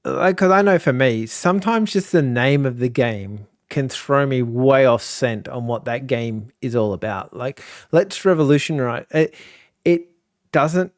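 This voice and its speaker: A man's voice: medium pitch, a little slow, no room sound. Rambling man on a dry-sounding podcast. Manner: rambling with many restarts, joking. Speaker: podcast co-host. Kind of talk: casual chat.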